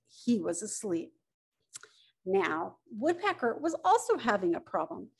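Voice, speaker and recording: Breathy woman reading a children's story. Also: fairly high pitch, unhurried. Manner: expressive, animated storytelling. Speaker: author reading her picture book. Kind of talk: children's story read-aloud.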